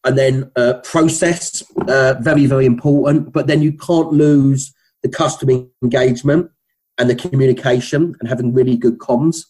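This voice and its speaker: A middle-aged man with a Cockney accent talks in a loose, rambling way, full of fillers and restarts. His voice is husky and slightly breathy. He speaks as a guest in a casual business interview. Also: mid-range voice, steady tone, moderate pace, a little mellow, poor audio.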